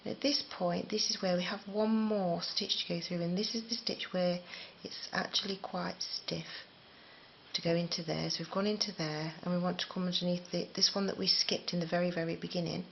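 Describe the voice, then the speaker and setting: A middle-aged woman from the talks through a crochet tutorial in a rambling, self-deprecating way. Her voice sits low with a gravelly fry, and the recording sounds a little dull and lo-fi. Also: steady tone, normal speed, a little hiss or hum. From England. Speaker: crochet teacher. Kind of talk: casual spoken tutorial.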